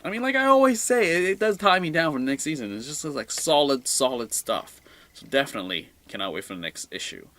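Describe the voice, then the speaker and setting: A young man talks through his weekly comic picks in a loose, rambling way, excitable one moment and trailing off quietly the next. His voice is bright and forward. The sound is dry and close, with no room around it. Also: on the high side, fairly quick, dry recording. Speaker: comic book reviewer. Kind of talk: casual solo review vlog.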